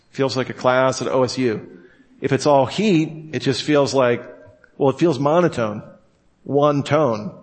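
A man teaching a class on how to preach, talking casually, joking and acting out quotes. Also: mid-range voice. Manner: casual, jokey, acts out quotes with laughs. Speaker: Bible teacher. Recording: long hall reverb.

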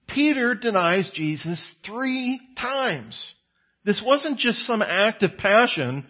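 Male preacher, slightly high husky voice, conversational sermon delivery, dull lo-fi sound. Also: very animated, slow pace. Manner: conversational, acts out quoted lines with rising pitch and volume.

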